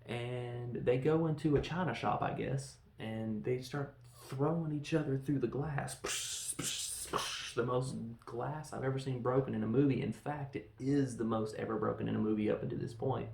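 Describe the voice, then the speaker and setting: Gravelly man rambling a movie recap. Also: medium pitch, steady tone, moderate pace, few pauses, a little mellow. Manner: rambling, acts out characters' lines with sound effects. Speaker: podcast host reviewing films. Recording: roomy echo, faint background noise.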